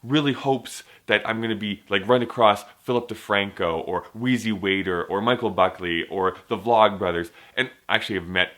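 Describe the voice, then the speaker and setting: A man's voice: lowish voice, normal speed, few pauses, a bit bright. A young man talking casually to the camera in a home vlog, joking and poking fun at himself. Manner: jokey, self-mocking, playful asides. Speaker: vlogger. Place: indoors at home.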